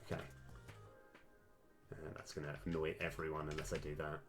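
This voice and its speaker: A man live-streaming a game, thinking aloud with lots of fillers and sudden bursts of excitement. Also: extremely low pitch, moderate pace, faint music behind. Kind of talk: live-stream commentary while playing and mapping a game.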